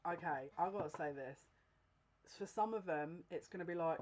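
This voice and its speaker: A woman's voice: fairly low pitch, darkish tone, dull audio. Giggling woman giving a psychic reading. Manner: keeps breaking into giggles, halting restarts; earnest, confiding, direct address to viewer. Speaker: psychic reader. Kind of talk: casual tarot-style general reading to camera.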